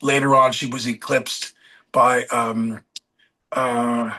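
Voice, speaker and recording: A man as a podcast guest, telling rambling anecdotes and pausing to search for names mid-story. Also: mid-range voice, flat delivery, pushed and bright.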